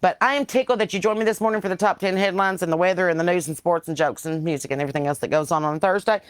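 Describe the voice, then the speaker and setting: A woman's voice: on the low side, very fast, no echo. A Southern woman hosting a casual livestream podcast, reading viewer comments in a blunt, profane, folksy preaching way on a porch, into a computer mic. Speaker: podcast host.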